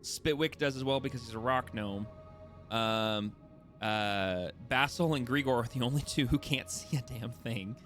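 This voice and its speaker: Casting: male game master, mid-pitched, loose rambling narration over music. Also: normal speed, a bit bright. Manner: rambling, self-correcting narration. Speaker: dungeon master.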